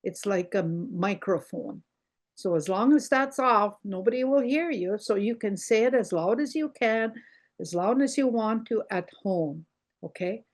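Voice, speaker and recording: Over a video call, an older woman teaches a language lesson, slow and patient, repeating words for her learners. Her mid-range voice is animated.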